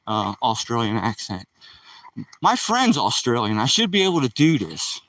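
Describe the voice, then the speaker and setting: A man's voice: medium pitch, very animated, a little slow, fairly bright tone, dry recording, far from the mic, rough recording. A man live streaming while he walks his dog on a rural dirt road, chatting loosely with the viewers in his chat.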